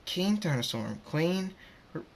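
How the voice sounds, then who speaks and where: A man voicing a sly dark pony stranger who talks softly and coaxingly. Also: on the high side, sing-song, slow pace, vocal fry, voice pushed up, heavily acted.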